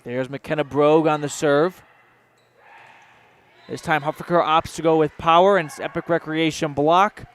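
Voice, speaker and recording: A man calling a volleyball match as play-by-play announcer on local radio, reading rapid action with sponsor mentions. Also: fairly high pitch, fairly even intonation, a bit bright, clear, resonant tone. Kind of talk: local radio sports commentary.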